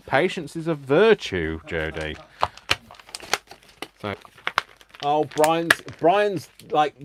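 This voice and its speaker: A man's voice: medium pitch, a little hiss or hum. A man hosting a live craft stream, chatty and self-mocking, laughing often as he works. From United Kingdom. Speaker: crafting channel host.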